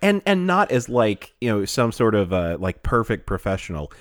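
A man co-hosting a casual chat show, animated and laughing often, often trailing off as he searches for words. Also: fairly low pitch, normal speed, no echo, clean studio sound. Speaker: podcast co-host.

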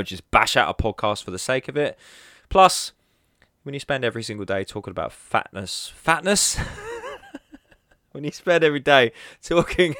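This is a solo podcast monologue from a host talking casually and animatedly, laughing at his own slips. His voice sits lowish and a bit bright, captured in a dry, clean studio recording.

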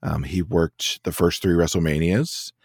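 Male podcast co-host, very low voice, dry sound, easygoing trivia chat. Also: fairly even intonation, a little slow, vocal fry, a little mellow, breathy edge, no echo. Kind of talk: casual chat.

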